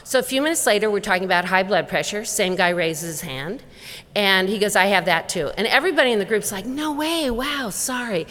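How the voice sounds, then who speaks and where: A woman's voice: medium pitch, quick pace. Middle-aged woman telling stories in an echoing hall. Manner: lively storyteller who acts out dialogue. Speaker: conference speaker and wellness educator. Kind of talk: storytelling keynote talk. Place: large conference hall. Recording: long reverb of a large hall.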